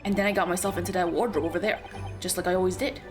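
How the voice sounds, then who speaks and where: A woman voicing an earnest, flustered young male lawyer while reading game dialogue aloud, with halting, apologetic speech. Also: on the low side, fairly even intonation, music in the background, natural voice. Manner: halting, apologetic, then insistent.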